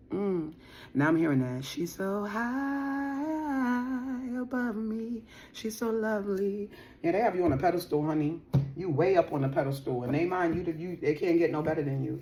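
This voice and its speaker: A woman's voice: low voice, fairly quick, warm tone, a little hiss or hum. Chatty woman giving a tarot reading. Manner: chatty, slangy, playful, laughs often. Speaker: tarot reader. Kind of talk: casual tarot reading to viewers.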